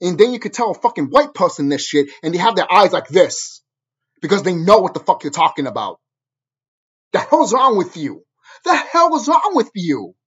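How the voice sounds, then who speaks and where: In an angry, profane vlog monologue, a man with a high, slightly rough voice repeats the same phrases again and again to drive his point home. The audio has its highs cut off.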